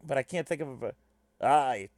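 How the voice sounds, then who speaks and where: A woman streamer reading a webcomic aloud, chatting in a giggly, lively and self-deprecating way. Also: mid-range voice, measured pace. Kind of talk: casual chat on a live stream.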